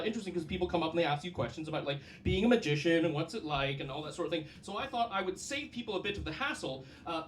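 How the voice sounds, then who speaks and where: A man in his thirties with a Scottish accent, doing a loud, energetic, self-mocking stand-up set as a comedian and magician. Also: high voice. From Southern California, raised in Scotland. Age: 30s. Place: live comedy stage. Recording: noisy live stage recording.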